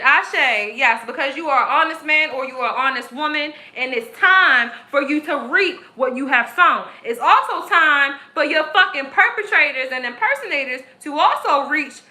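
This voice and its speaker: A woman's voice: high-pitched, expressive, normal speed, few pauses, pushed and bright. A woman tarot reader on a live stream, ranting in an aggressive, profane, preachy way. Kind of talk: live-stream spiritual rant. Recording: echoey room.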